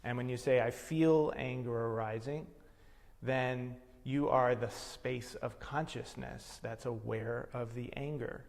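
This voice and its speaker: A man teaching a meditation lesson, explaining slowly and reflectively. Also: mid-range voice, fairly even intonation, gravelly, darkish tone. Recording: long hall reverb.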